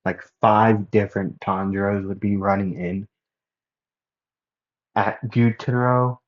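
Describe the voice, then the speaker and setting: A man's voice: on the low side, steady tone, slow pace. A man casually narrating a fan-made story, rambling with many fillers and self-corrections, on a dull lo-fi recording.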